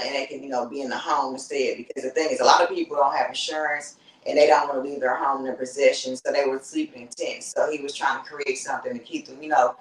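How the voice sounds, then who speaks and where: A woman's voice: a bass voice, recorded from a distance. Rambling woman, off-mic in a roomy space. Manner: relaxed, rambling, many fillers. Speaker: guest. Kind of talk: casual chat.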